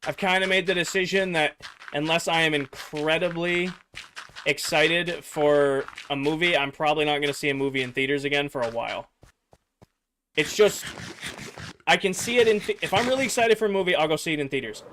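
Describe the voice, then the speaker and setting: A young man streams a game and chats loosely with viewers, rambling through filler words while answering chat and losing his voice a bit. He speaks a little high and a little fast, with a pushed, bright sound over slight background noise.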